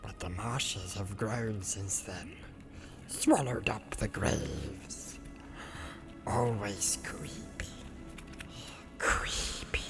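A man voicing a wretched, sly creature in an audiobook, in a hissing, gravelly whisper that drags out and repeats its words. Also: lowish voice, over music. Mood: cackling, eerie. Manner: drawn-out, repetitive, cackling. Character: wretched creeping male creature, sly and fearful. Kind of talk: audiobook character voice.

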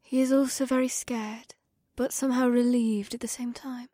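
A serene young orc shaman woman, as a male narrator puts her on, speaking gently in a high, airy, breathy voice. Her tone is mellow and soft, recorded close and dry for a storybook reading. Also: little pitch movement, normal speed, dry recording. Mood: gentle.

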